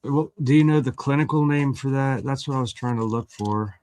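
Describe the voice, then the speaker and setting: A middle-aged man chatting casually on a panel, rambling with halting restarts. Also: mid-range voice, a little mellow. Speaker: podcast panelist. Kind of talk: casual chat.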